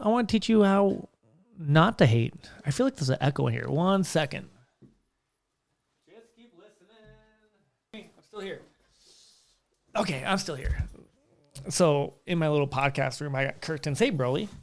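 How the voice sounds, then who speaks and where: Young male podcast host, gravelly voice, casual rambling monologue with restarts, small curtained room. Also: mid-range voice. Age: young adult. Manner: rambling storyteller with frequent restarts.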